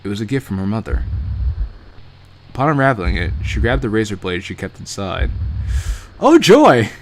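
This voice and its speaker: A man's voice: on the low side, brisk, slight background noise. A man streaming a game, reading its narration aloud and breaking off for joking asides. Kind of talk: casual live-stream read-through.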